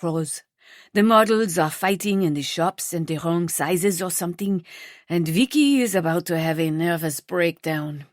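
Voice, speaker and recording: A woman narrator voicing a wry, brisk man who speaks in a dry, matter-of-fact way. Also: on the low side, no room sound, close to an everyday voice.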